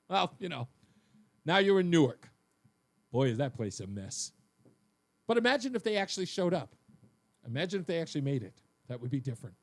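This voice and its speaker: A man's voice: on the high side, fairly quick, pauses often. A man with a New York accent hosting a talk radio show, joking and laughing through casual banter. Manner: jokey, animated, laughs often.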